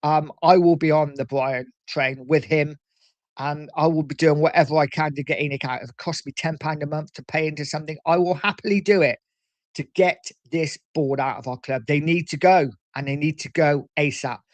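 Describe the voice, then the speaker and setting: A man's voice: a little high, steady tone, moderate pace, dry recording. A man hosting a casual football livestream, chatting with viewers, reading out their comments and calling them mate. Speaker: livestream host reading chat. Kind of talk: casual chat.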